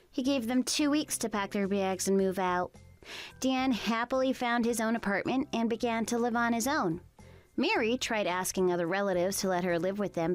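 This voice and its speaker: Matter-of-fact woman narrating a text story. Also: a little high.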